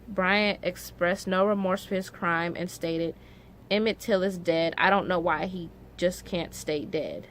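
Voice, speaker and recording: A woman's voice: on the low side, unhurried, a little hiss or hum. A young woman vlogger telling a story in a casual, emotional way, full of "like" fillers and growing indignation.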